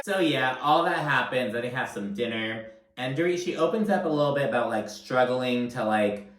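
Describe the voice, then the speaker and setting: A man talking in a chatty, loose way, full of filler words and casual cursing as he runs through a show. His voice sits at a middle pitch. It rings out in a roomy, echoey space. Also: expressive, normal speed, fairly bright tone. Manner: chatty, loose, swears often, many fillers. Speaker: recap commentator. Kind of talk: casual reality TV recap.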